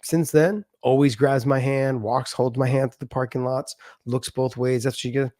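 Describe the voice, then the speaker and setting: This podcast guest is a middle-aged man who used to fight, sharing his opinions earnestly and illustrating them with ordinary examples in a relaxed conversation. His medium-pitched voice has a dark tone and fairly even intonation at normal speed, captured clean with no room sound.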